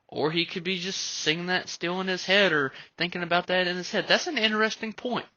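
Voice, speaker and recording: Bright-voiced man rambling about country songs. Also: a little high, no echo. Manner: rambling, conversational, fond of "like" and "right?". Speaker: podcast host. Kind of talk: casual music commentary. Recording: dull lo-fi dry recording.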